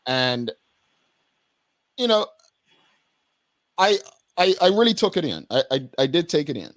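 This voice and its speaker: A man's voice: on the high side, very animated, unhurried, no room sound. A man from Bermuda hosting a talk show, conversational and thinking aloud, often repeating himself.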